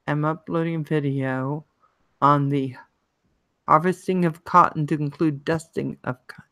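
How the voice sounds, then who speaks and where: A woman's voice: sits low, fairly even intonation, measured pace, fairly bright tone, no echo. A woman livestream host with a Maryland accent, chatting casually, reading viewer comments and greeting people by name.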